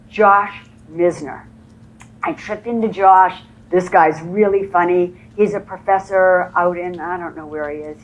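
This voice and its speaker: A woman gives a motivational presentation to real estate agents in a conference room with a live audience, telling stories and performing the dialogue within them. Her voice is mid-range, and the recording sounds rough.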